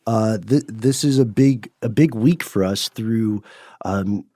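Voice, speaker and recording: A man's voice: on the low side, slow, warm tone, no echo, studio quality. A man co-hosting a podcast, talking in a wordy, playful way with lots of fillers and restarts. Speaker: podcast co-host. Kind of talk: casual podcast banter.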